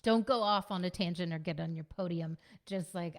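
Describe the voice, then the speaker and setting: A woman giving a casual teaching talk to parents as a parenting coach, conversational and gently instructive, repeating her key points. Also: lowish voice, normal speed. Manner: conversational, frequent fillers like "you know" and "like".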